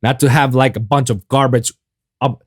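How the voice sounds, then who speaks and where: A man's voice: mid-range voice, steady tone, moderate pace, slightly rough, no echo, studio quality. A man hosting his own podcast, talking loosely and casually about making sounds, with plenty of swearing and "I kid you not". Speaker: podcast host and music producer. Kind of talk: casual solo podcast talk. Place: lives in South Florida.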